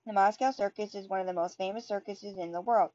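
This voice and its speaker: A woman's voice: mid-range voice, fast, darkish tone, dry recording, highs cut off, lightly acted. A woman voicing a cheerful cartoon girl mouse in a storybook reading, admiring in manner.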